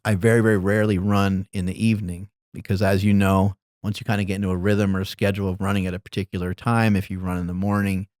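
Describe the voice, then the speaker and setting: Middle-aged man, low voice, casual rambling storyteller, dry close mic. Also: fast, few pauses, no room sound. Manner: relaxed, rambling, laughs while telling stories. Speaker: podcast guest.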